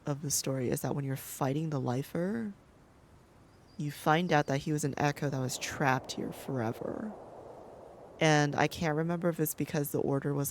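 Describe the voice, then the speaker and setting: A gaming creator giving casual gameplay commentary, chatty and rambling, who swears freely and laughs often. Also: medium pitch. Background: game music.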